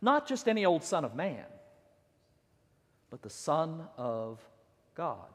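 A man's voice: fairly high pitch, sing-song, takes it slowly. A man preaching a sermon, telling the story with dramatic swings and acting out the quotes. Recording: long hall reverb.

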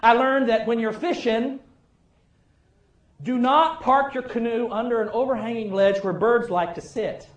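A middle-aged man preaching a sermon, telling wry stories and praying, with his loudness rising and falling. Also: extremely high pitch, unhurried, echoey room, highs cut off. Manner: storytelling, wry, varies loudness widely. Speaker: pastor. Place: church sanctuary.

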